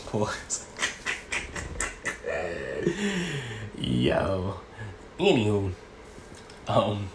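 A man's voice: on the low side, big pitch swings, extremely slow, pauses often, background noise. A young man from New York talking casually to his viewers in a loose, rambling, slangy way. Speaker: vlogger. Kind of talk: casual chat.

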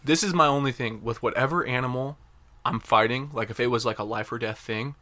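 A man's voice: medium pitch, a little fast, bright, forceful tone. A young man hosting a casual podcast, chatting loosely with friends, swearing and laughing often. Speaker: podcast host.

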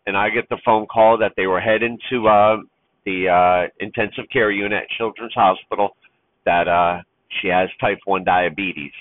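A man's voice: fairly low pitch, dry recording. Man, heartfelt and emotional, rambling monologue, thin phone-like audio, dry close sound. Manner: heartfelt, rambling, with restarts and fillers. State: emotional, near tears. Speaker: truck driver and father. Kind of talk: personal vlog monologue.

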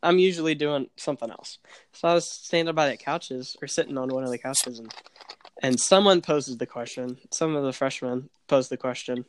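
A young man telling a funny story in casual chat, animated and laughing as he acts out the people in it. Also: mid-range voice, normal speed. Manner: animated, laughing, acts out voices in his stories.

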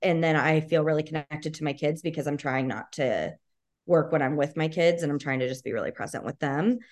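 A woman's voice: low-pitched, brisk, darkish tone. A woman speaking as a podcast guest, casual and encouraging, with lots of "like" and "you know.".

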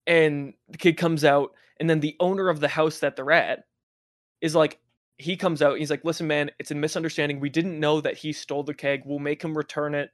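A young man with a slightly high voice tells a rambling party story, swearing and laughing as he goes. The sound is dry and close, with no room around him. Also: brisk, no room sound. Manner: profane, laughing, animated anecdote telling. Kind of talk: casual storytelling chat.

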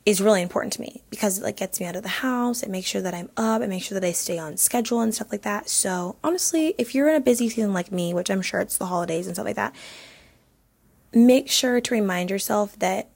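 A woman's voice: mid-range voice, fast, gravelly, a little mellow, breathy edge. A young woman in her twenties hosting a casual solo podcast, chatty and filling her talk with "like". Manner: chatty, heavy use of "like". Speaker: podcast host.

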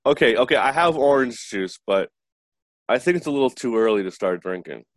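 A man's voice: medium pitch, animated, brisk, dry recording, clean studio sound. A man with a child, joking around sarcastically in a casual chat. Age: adult with a child.

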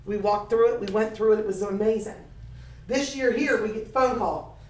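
An older woman preaching a sermon, telling lively stories with laughter in a preaching cadence. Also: mid-range voice, normal speed. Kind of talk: sermon with storytelling. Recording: echoey room picked up from a distance.

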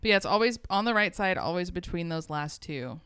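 A young woman telling a story on a podcast in a casual, joking way, with offhand swearing. Her voice sits low and sounds smooth. The recording is dry and close. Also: animated, a little fast, a bit bright, no echo. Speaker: podcast co-host. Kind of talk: casual chat.

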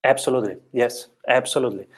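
Man, Italian accent, podcast host, halting, repeats words, middle pitch. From Italy. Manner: halting, repeats words while searching for phrasing. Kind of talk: interview conversation.

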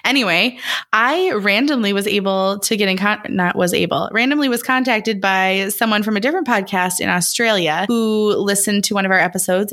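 A woman's voice: medium pitch, a bit bright. A woman in her thirties co-hosting a podcast, chatting casually and correcting herself as she rambles along. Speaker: podcast co-host. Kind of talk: casual chat.

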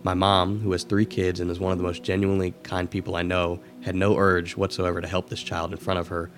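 A man co-hosting a podcast, reading a spooky story aloud in a steady, measured way. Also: sits low. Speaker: podcast co-host.

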